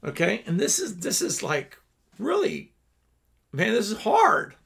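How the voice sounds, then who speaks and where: A man's voice: high voice, huge pitch swings, unhurried, creaky, fairly bright tone, husky. A man hosting a Bible teaching show, reading scripture aloud and explaining it in a loose, conversational way with frequent restarts.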